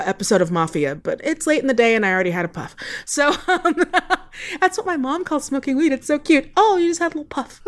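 A woman's voice: fairly high pitch, clear, resonant tone. A woman co-hosting a podcast, chatting casually, rambling and swearing with frequent laughter. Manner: profane, rambling, laughs often. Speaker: podcast co-host.

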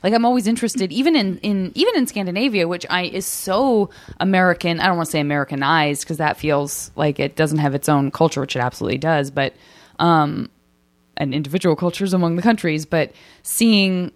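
A woman's voice: lowish voice, fairly quick, dry recording. A woman hosting a casual podcast interview, playful and joking, with rambling questions. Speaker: podcast host.

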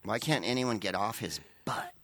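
A man, a comedian on a panel show, firing off quick wisecracks. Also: on the low side, a bit bright, no echo.

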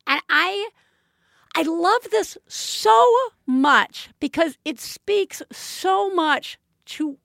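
Effusive high-voiced woman podcast host. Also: drawn-out words, vocal fry, no echo, studio quality. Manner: effusive, animated, laughing often. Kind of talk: casual chat.

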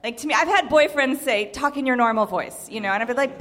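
A woman's voice: high-pitched, fast talker, a bit bright, long reverb tail. A woman who works as a dialect coach, a guest on a comedy panel show, chatting playfully. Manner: playful, does voices.

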